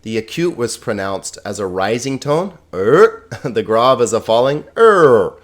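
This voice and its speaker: A man teaching a lesson, speaking slowly and carefully, sounding out words syllable by syllable and checking in with the class. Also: on the low side, lively intonation. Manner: slow, deliberate, repeats words syllable by syllable; checks in with "okay?" and "right?". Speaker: Greek teacher.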